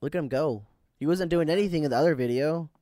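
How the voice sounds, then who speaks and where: A man's voice: fairly high pitch, quick pace, mellow, no room sound, clean studio sound. A young man co-hosting a podcast, joking playfully with friends while they watch a video. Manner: playful, joking, hums beats and tunes. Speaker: podcast co-host. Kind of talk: casual group chat reacting to a video.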